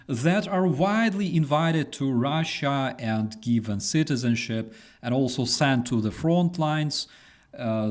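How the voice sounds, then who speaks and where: Slow-talking man hosting casual commentary. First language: Ukrainian. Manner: relaxed, halting, many fillers and restarts; voices quoted people with exaggerated high-pitched mimicry. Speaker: host.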